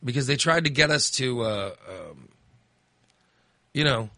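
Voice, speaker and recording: A man's voice: mid-range voice, lively intonation, unhurried, bright, forceful tone, dry recording, clean studio sound. A man hosting a call-in radio chat, rambling and acting out angry voters. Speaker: radio host.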